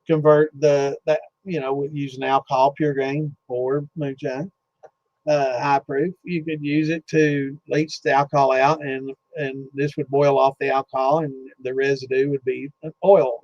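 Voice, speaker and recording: A man's voice: fairly high pitch, a little mellow. Rambling, profane man telling stories. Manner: rambling, profane, full of fillers. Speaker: host of a distilling Q&A livestream. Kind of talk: casual storytelling chat. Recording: slightly dull lo-fi sound.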